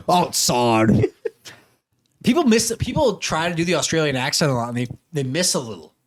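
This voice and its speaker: A man hosting a podcast in casual chat, rambling and joking, often breaking into animated quoted voices. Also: a little high, quick pace, no echo. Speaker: podcast host.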